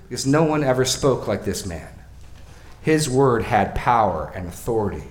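A male pastor preaching an expository sermon, swinging from quiet, slow remarks to loud, emphatic readings and acted-out quotes. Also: mid-range voice, animated, echoey room.

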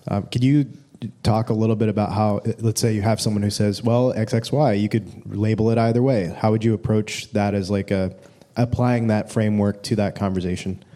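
A man's voice: lowish voice, steady tone, fairly quick, mellow. A man from the audience asking a long, hesitant question with many fillers.

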